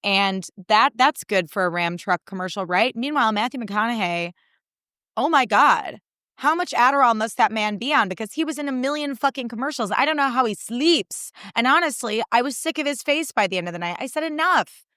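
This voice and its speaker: Sarcastic young woman with a smooth voice. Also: a little high, a little fast, no echo, studio quality. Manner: animated, sarcastic, profane ranting. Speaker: podcast host. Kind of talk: casual solo podcast chat.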